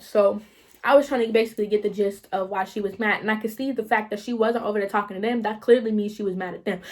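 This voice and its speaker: A young woman vlogger telling a story in a casual, slangy, animated way, swearing freely. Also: on the high side.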